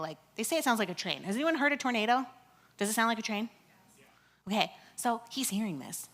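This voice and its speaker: A woman preaches with real animation. Her voice sits a little high and rings bright. She tells the story with laughs along the way and puts on the voices of the people in it. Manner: animated, acts out quotes, laughs often. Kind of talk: lively sermon storytelling. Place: church.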